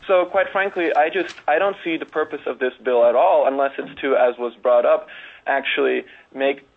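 A man's voice: medium pitch, moderate pace, gravelly. A man giving frank, plain-spoken testimony at a legislative hearing. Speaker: public testifier. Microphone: telephone. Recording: tinny phone line.

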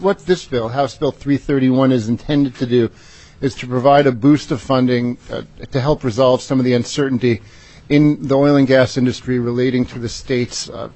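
Guy presenting a bill to a committee, keeps saying uh, middle-pitched voice. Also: darkish tone. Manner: halting, many "uh" fillers and restarts. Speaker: state agency official presenting a bill. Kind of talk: formal committee testimony.

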